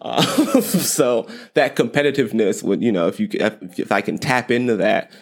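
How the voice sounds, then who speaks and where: A man's voice: mid-range voice, animated, normal speed. A man hosting a podcast, giving casual parenting advice in a rambling, repeating way with light self-deprecating humor. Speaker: podcast host.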